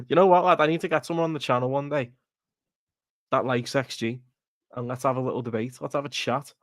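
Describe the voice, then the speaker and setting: On a casual live football watchalong stream, a man rants bluntly, swears freely and laughs at his own points. His mid-pitched, steady voice is dry and close-miked with no echo, brisk but broken by long pauses.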